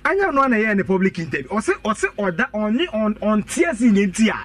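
A man's voice: sits high, very animated, fairly quick, a bit bright, no echo, far from the mic. Emphatic Ghanaian man in radio debate. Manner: mixing Twi and English, emphatic, repeats points. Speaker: political guest. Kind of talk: animated political debate.

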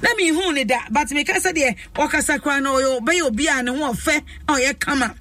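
A woman's voice: sits high, brisk, sharp tone, dry recording, distant mic. A woman with a Ghanaian accent hosting a talk show, effusive and emphatic, stretching out her phrases. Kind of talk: lively talk show chat. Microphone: studio microphone.

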